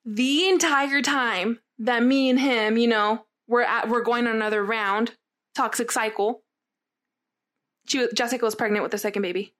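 A young woman with a slightly high voice tells a story in loose, casual chat. She is animated and swears freely. She keeps pulling the listener in with quick questions.

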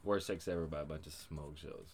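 A man in his twenties co-hosting a casual podcast chat, swearing constantly and laughing loudly. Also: a bass voice, steady tone, a little fast, vocal fry, slightly rough. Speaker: podcast co-host.

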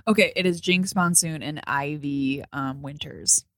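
A young adult woman co-hosts a podcast, chatting casually about a film while laughing often and swearing freely. Her voice is low-pitched and a bit bright at a measured pace, recorded at studio quality without echo.

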